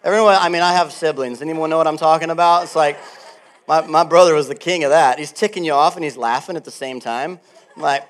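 Male pastor, middle-aged, fairly high voice; animated sermon delivery, laughs a lot, loud-to-quiet swings. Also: fast.

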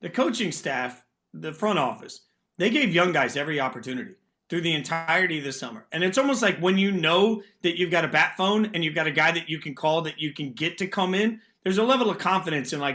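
A man's voice: fairly high pitch, animated, a little fast, sharp tone. A man hosting a sports talk radio show, talking energetically about football and taking callers. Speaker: radio host.

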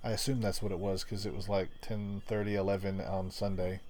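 A man's voice: sits low, little pitch movement, a little fast, a little mellow. A man telling rambling, profane work stories in casual chat, laughing often. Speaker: storyteller in casual conversation.

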